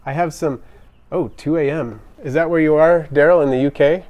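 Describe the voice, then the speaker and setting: A man hosts a casual pet livestream from home with a camera on a tripod, chatting upbeat and reading comments aloud with frequent ums and restarts. His slightly high voice keeps a steady tone at normal speed, and the sound is lo-fi.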